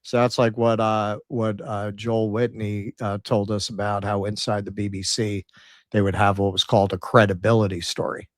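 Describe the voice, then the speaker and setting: A man's voice: lowish voice, flat delivery, normal speed, no room sound, clean studio sound. A man co-hosting a casual political commentary stream, reading out figures and quotes with sarcastic asides. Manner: sarcastic, reads out poll numbers and quotes, mocking asides.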